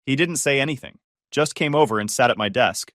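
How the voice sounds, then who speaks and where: A man narrating a first-person family drama story in a dramatic, expressive storytelling manner. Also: medium pitch, fairly quick, no echo, clean studio sound.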